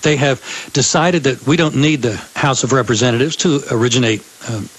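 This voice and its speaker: Measured older man, radio interview guest. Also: mid-range voice, fairly bright tone, rough recording. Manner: measured, hesitant, many fillers. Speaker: guest, gun rights advocate.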